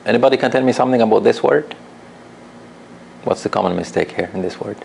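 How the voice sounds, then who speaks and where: A man teaching Quran recitation to a class, patient and repeating each example slowly while asking the students questions. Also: mid-range voice, vocal fry, a little mellow, a little hiss or hum. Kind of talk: classroom lesson.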